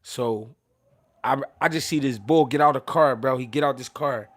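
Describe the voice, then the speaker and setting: This Philadelphia show host has a mid-range voice and a normal speaking speed. He tells casual stories with animated energy, heavy slang, and swearing, often restarting mid-sentence.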